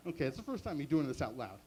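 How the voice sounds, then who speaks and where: A man doing stand-up comedy at a small open mic, chatty and self-mocking. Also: fairly high pitch. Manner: chatty, self-mocking, chuckles at own jokes.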